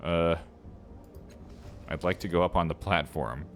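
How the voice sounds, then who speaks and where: A man's voice: low voice, unhurried, a little hiss or hum. A man giving wry, sardonic commentary while streaming a game. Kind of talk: let's-play commentary.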